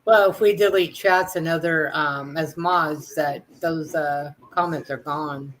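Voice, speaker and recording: A woman's voice: low voice, steady tone, a little slow. A woman moderating a livestream chat, talking casually with frequent "you know" fillers.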